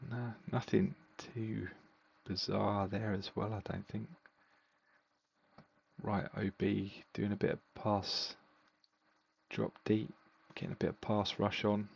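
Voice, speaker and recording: Man, husky voice, casual podcast talk, dull lo-fi sound. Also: fairly low pitch, slow pace. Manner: relaxed, rambling with fillers. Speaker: podcast co-host. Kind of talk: casual chat reviewing fantasy football games.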